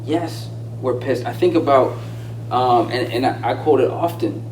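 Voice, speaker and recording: A man co-hosting a casual discussion, speaking in a calm, even-keeled way. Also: mid-range voice, unhurried. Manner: calm, even-keeled, frequent agreeing interjections. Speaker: podcast co-host. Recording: roomy, distant mic with audible noise.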